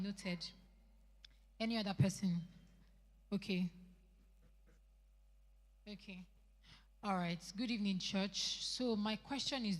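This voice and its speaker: A young woman with a Nigerian English accent, chatty and rambling as she asks a question at a church youth meeting in a large church hall. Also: mid-range voice. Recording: long hall reverb.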